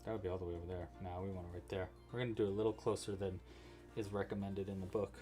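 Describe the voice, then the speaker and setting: A man's voice: low-pitched, flat delivery, rapid-fire, dark tone, faint music behind. Chatty man hosting a crochet livestream. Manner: chatty, thinking aloud while working. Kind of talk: casual livestream crochet-along.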